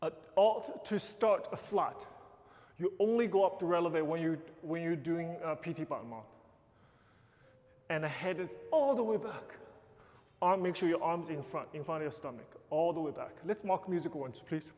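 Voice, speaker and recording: A man's voice: a little high, lively intonation, moderate pace, a little mellow, in a large hall. A man teaching a ballet class, counting beats and giving short corrections and praise. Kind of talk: live class instruction. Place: dance studio.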